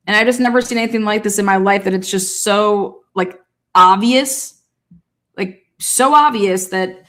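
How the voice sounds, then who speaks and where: A woman talking through a case in a casual livestream, rapid, heated and full of swearing. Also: mid-range voice, fairly bright tone. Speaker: true-crime commentator.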